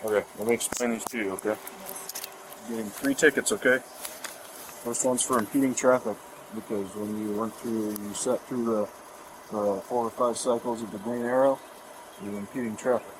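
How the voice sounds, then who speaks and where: A man working as a police officer, calmly and plainly explaining tickets and a court date to a driver at the roadside. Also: lowish voice, moderate pace. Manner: matter-of-fact, businesslike. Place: roadside outdoors. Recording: noisy outdoor body camera audio.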